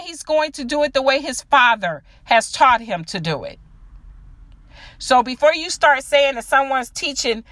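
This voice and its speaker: A woman's voice: sits high, a bit bright, dry recording. A woman hosting her own podcast, delivering a blunt, profane opinion monologue straight to her listeners. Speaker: podcast host.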